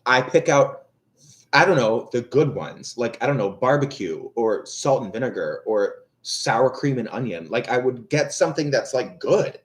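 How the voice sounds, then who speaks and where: A young man in casual livestream talk, exasperated and ranting, with frequent swearing. His pitch leaps widely up and down as he vents, at a middling register for a man. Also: big pitch swings, normal speed. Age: young adult. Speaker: livestream tarot reader. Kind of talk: casual rambling chat.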